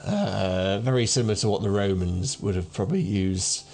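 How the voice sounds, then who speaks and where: A man's voice: on the low side, moderate pace, darkish tone. A man in his thirties narrating a tabletop game as game master, rambling with many fillers. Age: 30s.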